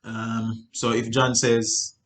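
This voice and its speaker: A man's voice: completely flat delivery, takes it slowly, fairly bright tone. Man coaching sales, casual and repetitive. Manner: loose, repetitive, frequent "right?" and restarts; acts out client dialogue with big pitch jumps. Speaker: sales trainer. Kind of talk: casual instructional talk.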